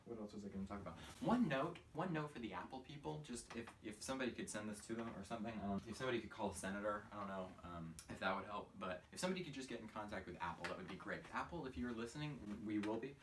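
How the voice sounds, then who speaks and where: A man's voice: on the low side, lively intonation. A young man in a rambling, sarcastic comedy monologue, mocking himself as he talks in his own room. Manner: sarcastic, self-mocking, fast and scattered. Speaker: comedic vlogger. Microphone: phone camera. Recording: voice a bit far from a phone mic, with faint noise.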